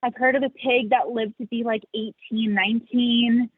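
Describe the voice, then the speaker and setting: A chatty young woman with a fairly high voice talks warmly and loosely, filling her answers with "like" and quick laughs. The sound is dry and narrow, as if over a phone line. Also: fairly even intonation, slightly rough, dry recording. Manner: chatty, many "like" fillers, laughs often. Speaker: sanctuary founder, interview guest. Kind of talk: casual interview answers.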